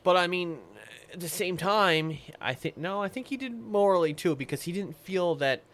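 A man co-hosting a laid-back history podcast, with a lively pitch that swings widely. He rambles and hesitates through his points and throws in jokey asides. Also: moderate pace. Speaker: podcast co-host. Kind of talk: casual history podcast chat.

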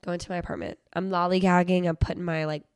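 A woman's voice: on the low side, flat delivery, fast talker, a little mellow, clean tone, no room sound, clean studio sound. A young woman hosting a casual solo podcast, telling a story in a chatty, rambling way with lots of swearing and filler words. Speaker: podcast host.

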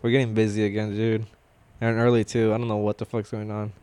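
A man's voice: on the low side, monotone, fast, darkish tone, slight background noise. A man in casual chat, rambling through work stories with plenty of swearing and frequent laughter. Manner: rambling storyteller, swears a lot, laughs often. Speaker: warehouse worker telling stories.

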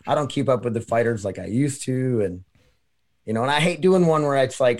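A man's voice: medium pitch, lively intonation, brisk. A man hosting a casual podcast, rambling and swearing loosely as he tells stories. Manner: rambling, profane, loose storytelling. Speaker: podcast host.

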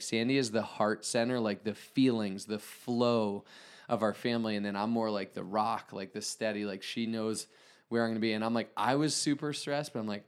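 A man in his thirties co-hosting a podcast, telling a story in a steady, laid-back way. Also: on the low side. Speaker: podcast co-host. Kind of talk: casual storytelling chat.

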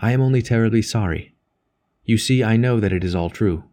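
A man's voice: lowish voice, a little fast, dark tone, natural voice. A man voicing an earnest elder priest. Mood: gentle, sorry. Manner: earnest, pressing. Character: earnest elder male priest, firm in faith. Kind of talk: audiobook character reading.

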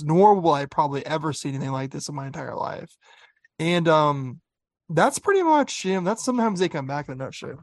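A co-host on a casual horror-movie podcast, retelling scenes in an animated way and acting out lines and sound effects. The voice sits in a middle pitch. The sound is dry and close. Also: no room sound. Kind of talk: casual film-review chat.

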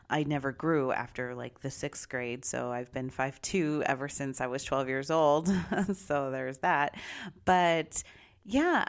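A woman's voice: low voice, smooth. A middle-aged woman candidly telling a personal story in a bubbly, confiding way. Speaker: vlogger.

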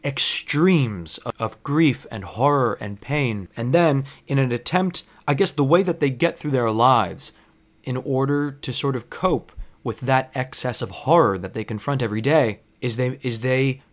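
A man's voice: mid-range voice, measured pace. Profane, digressive male storyteller. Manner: digressive, profane, self-reflective. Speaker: bartender. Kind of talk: personal storytelling monologue.

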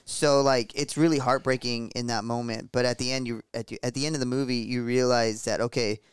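A man co-hosting a podcast, calmly summing up a film's ending with fillers. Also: mid-range voice, brisk, smooth, no echo, studio quality. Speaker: podcast co-host. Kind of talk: casual chat.

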